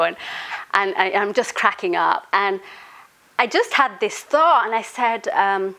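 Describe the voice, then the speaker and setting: A woman's voice: medium pitch, big pitch swings, moderate pace, a bit bright, poor audio. Giggly woman telling a story. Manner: chatty, giggly, lots of "you know" and "um". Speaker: author and storyteller. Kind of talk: casual anecdote telling.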